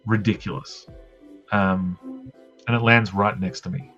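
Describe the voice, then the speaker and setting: A man's voice: fairly low pitch, fairly even intonation, unhurried, bright, forceful tone. An Australian man hosting a live drawing stream, telling rambling, self-deprecating stories in casual chat. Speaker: streamer host drawing comics. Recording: dull lo-fi stream audio with faint music.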